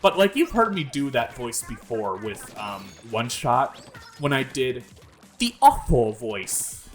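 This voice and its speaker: A young man in casual gameplay commentary who rambles through fillers and swears freely. His delivery is slow and unhurried, with a lively, wandering pitch. Faint game music plays underneath. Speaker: gaming channel host.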